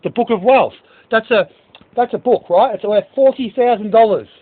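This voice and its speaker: Agitated high-voiced man. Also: moderate pace. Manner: angry, rambling, swears; reads out list of book titles. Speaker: speaker addressing staff. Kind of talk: agitated monologue. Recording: tinny phone-like recording.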